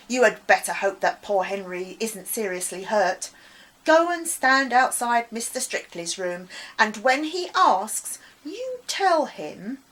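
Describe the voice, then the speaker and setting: Brief: harsh storybook schoolteacher, loud and scolding, slow and higher-pitched, read by a woman. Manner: harsh, scolding, spitting with anger. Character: stern shouting female schoolteacher.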